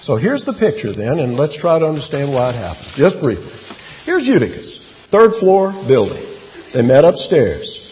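A man preaching a sermon, telling a Bible story in an animated way with rhetorical questions. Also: a little high, moderate pace. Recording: dull lo-fi with long hall reverb and faint hiss.

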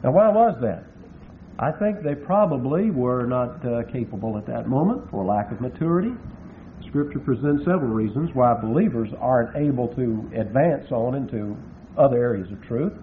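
A man preaching an expository Bible sermon, slowing down to stress and spell out Greek words. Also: medium pitch, animated. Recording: tinny phone-like recording with faint hiss.

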